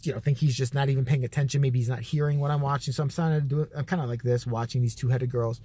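A man with a medium-pitched, warm voice vlogs crude comic stories at a rapid-fire pace with fairly even intonation. His storytelling rambles, swears freely and keeps correcting itself.

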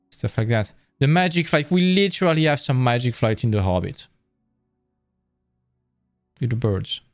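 A man's voice: medium pitch, dry recording, studio quality. A man presenting a live-streamed lecture, explaining in a casual, enthusiastic way with frequent restarts.

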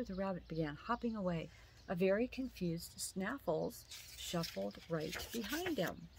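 A woman reading a children's story aloud slowly and gently. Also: mid-range voice, slight background noise.

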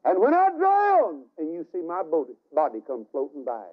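A preacher voicing a frightened, accusing grown son. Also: male voice, a little high, wildly swooping pitch, moderate pace. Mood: reproachful. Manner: pleading, reproachful. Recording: tinny archival radio broadcast.

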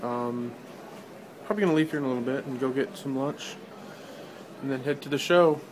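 A man's voice: mid-range voice, fairly quick. A man casually vlogging his day on the city streets, chatty and hesitant with many ums. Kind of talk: casual daily vlog. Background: traffic and street noise.

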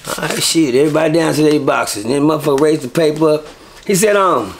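A man with a gravelly, creaky voice that sits a little high, telling stories as an interview guest. He talks loosely and profanely and stays animated throughout. A faint hiss runs under the recording. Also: racing. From Texas. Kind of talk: casual storytelling.

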